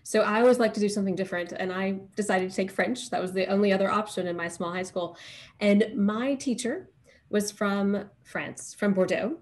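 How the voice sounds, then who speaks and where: Female wine expert from Texas, mid-pitched, articulate with ums, on a home video call. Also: normal speed. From Northeast Texas, USA. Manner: warm, articulate, with frequent ums. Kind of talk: live video interview. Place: bedroom at home.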